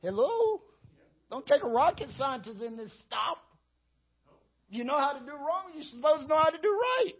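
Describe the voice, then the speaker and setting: A man preaching a lively sermon as pastor, chuckling and acting out how he talks to himself. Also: very high voice, moderate pace, highs cut off.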